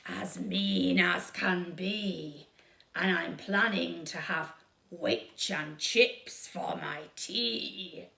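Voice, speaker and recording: Mean slow dragon guy, woman putting it on, low and menacing, echoey room. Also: gravelly, sharp tone, full character voice.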